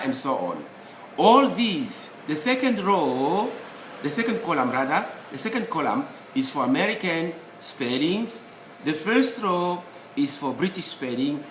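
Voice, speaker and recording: A male teacher talks through a spelling lesson slowly and carefully, one word at a time. His voice sits a little high and swings widely in pitch. It is heard in an echoey room with faint background noise. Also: fairly bright tone. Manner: slow, deliberate, explains word by word with pauses. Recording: roomy echo, faint ambience.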